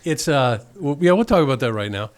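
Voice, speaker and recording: An older man, a Vietnam veteran and podcast guest, telling war stories in a relaxed, animated way and acting out the other people's lines. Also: medium pitch, fairly quick. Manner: animated, acts out voices in anecdotes, chuckles often. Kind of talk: casual storytelling.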